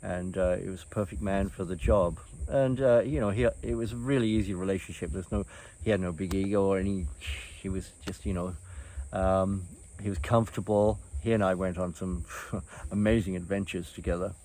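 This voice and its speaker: An older man recounts old times in casual, rambling fashion. His voice sits on the low side. He drifts, hesitates and restarts, filling the pauses with ums and uhs. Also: steady tone, dark tone. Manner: meandering, halting, many fillers and restarts. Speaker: storyteller recounting his past. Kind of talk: casual reminiscing chat.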